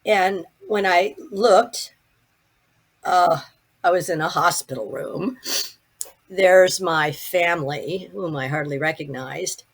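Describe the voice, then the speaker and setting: Husky older woman telling her story. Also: on the low side, takes it slowly. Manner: vivid, animated retelling with many restarts. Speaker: podcast guest. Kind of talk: personal storytelling.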